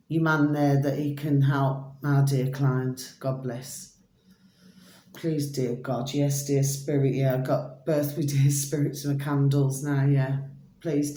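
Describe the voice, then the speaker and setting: A woman, her voice going hoarse, rambling affectionately through an evening vlog. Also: deep voice, darkish tone. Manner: rambling and affectionate, calls listeners babies, keeps asking "do you see what I mean". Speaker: spiritual vlogger. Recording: echoey room.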